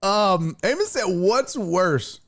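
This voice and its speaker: A young adult man hosting a live stream, telling stories in an animated, profane way and acting out the people in them. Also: high-pitched, slow pace. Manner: animated storytelling with profanity and acted-out voices. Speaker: streaming show host. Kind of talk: casual live-stream chat.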